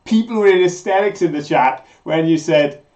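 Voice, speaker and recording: A man's voice: on the high side, moderate pace, darkish tone, roomy sound, faint music behind. A British man co-hosting a live show, chatting with enthusiasm and drawing out his quiz questions. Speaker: co-host of a live mudlarking show. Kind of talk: casual live-stream chat.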